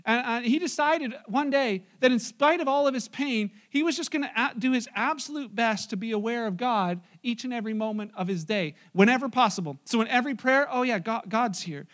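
A man's voice: extremely high pitch, brisk, few pauses, a bit bright. A man pastor delivering a conversational sermon, mixing stories and humor with plain teaching. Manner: conversational preaching with asides and humor.

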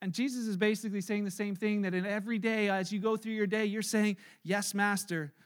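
A man preaching a sermon in church, animated and acting out everyday scenes in little voices. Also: high voice, fast talker. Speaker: pastor. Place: church service.

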